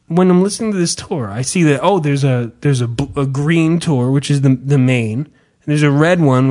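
A man's voice: on the high side, darkish tone. A man telling a sarcastic, profanity-laced comedic story in casual podcast chat.

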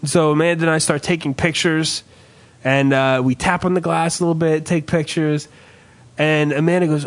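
A man's voice: on the high side, steady tone, normal speed. A man hosting a casual podcast, ranting profanely and telling stories with sarcastic asides. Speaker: podcast host. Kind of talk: profane comedic rant.

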